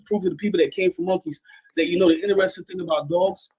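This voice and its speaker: A man's voice: sits high, steady tone, fast talker, darkish tone, husky. A man calling into a live debate to argue for his faith, combative and talking over others. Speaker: Christian caller.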